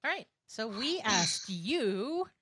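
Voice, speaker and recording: A woman's voice: a little high, sing-song, slow, fairly bright tone, breathy edge, dry recording. A woman hosting a podcast in casual chat, making wry, dry remarks and moving the show along. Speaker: podcast host.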